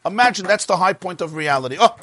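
A man's voice: mid-range voice, moderate pace. A man teaching a religious class, telling stories and stammering now and then as he explains. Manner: lively storyteller, stammers on restarts. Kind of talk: religious class lecture with anecdotes.

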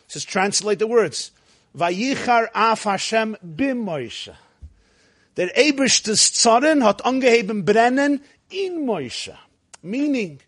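A man. He acts out the dialogue himself and swings into sudden loud outbursts. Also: extremely high pitch. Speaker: rabbi. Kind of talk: sermon.

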